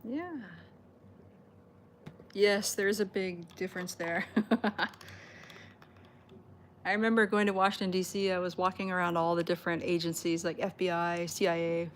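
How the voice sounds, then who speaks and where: A woman's voice: lowish voice, flat delivery, moderate pace, pauses often, slight background noise. A woman hosting a cat rescue livestream indoors, chatting casually with viewers, laughing often and cooing at the cats.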